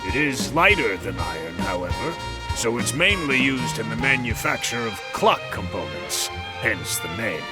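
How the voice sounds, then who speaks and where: A man's voice: fairly low pitch, big pitch swings, normal speed. An actor voicing a shrewd, talkative male arms shopkeeper in a video game, with a salesy, explaining manner. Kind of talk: game voice acting. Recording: game audio with music behind.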